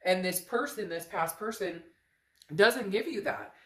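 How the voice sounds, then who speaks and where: A woman's voice: medium pitch, measured pace, fairly bright tone. A woman giving an earnest, emphatic tarot reading to her viewers, often repeating phrases. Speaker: tarot reader. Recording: echoey room.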